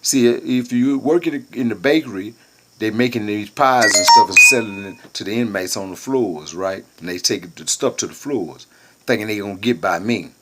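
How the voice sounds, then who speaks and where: A man's voice: on the low side, moderate pace, noisy background. A man from Houston telling a boastful, slang-filled, profane story in a casual way. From Houston, Texas.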